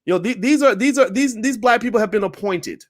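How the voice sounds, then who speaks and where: A man delivering an emphatic opinion monologue as a commentator, repeating his points forcefully. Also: high-pitched, a little fast.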